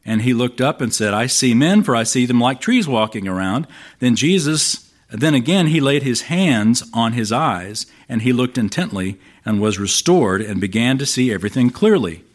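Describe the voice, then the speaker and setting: A man preaching a sermon in a conversational way, reading scripture aloud with lively emphasis and wry asides. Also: mid-range voice, moderate pace. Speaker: pastor.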